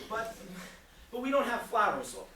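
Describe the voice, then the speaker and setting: Giggly, fretful prom girl played by a woman, slow and swooping, roomy distant sound. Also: on the high side, a bit bright, a little hiss or hum, exaggerated voice. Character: giggly young woman fussing over prom. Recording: roomy hall from far off.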